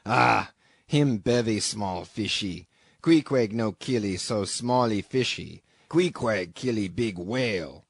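A man voicing a calm, disdainful harpooneer who speaks slow, broken pidgin in an audiobook. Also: medium pitch, no room sound. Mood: scornful.

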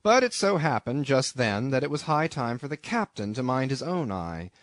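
Expressive male audiobook narrator. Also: mid-range voice, normal speed, no room sound. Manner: expressive storytelling delivery. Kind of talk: scripted narration.

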